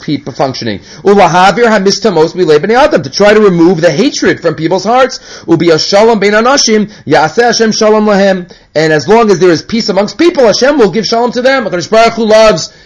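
A man's voice: high-pitched, low-quality recording. A man giving a casual Torah class, mixing Hebrew quotes into conversational English. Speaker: Torah teacher.

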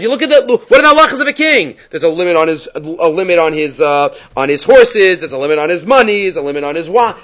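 A man's voice: sits high, fairly bright tone. A man teaching a Torah class in English, quoting Hebrew texts and asking rhetorical questions as he explains.

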